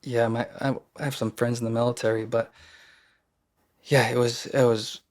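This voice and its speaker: On a podcast, a guest with a medium-pitched, even voice earnestly and casually relates something from his own life, frequently halting and beginning his sentences again.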